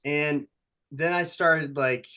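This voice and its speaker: Casting: man, bright and rambling, relaxed interview guest, lots of "like" and "you know.". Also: fairly high pitch, slow pace. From United States. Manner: rambling, loose storytelling with many fillers. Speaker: screenwriter and actor. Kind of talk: casual interview chat.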